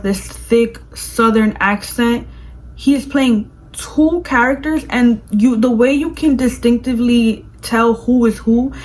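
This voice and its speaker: A woman vlogger reviewing a movie in casual chat, gushing and animated, with lots of "like". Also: on the high side, low-quality recording. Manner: gushing, animated, fills speech with "like".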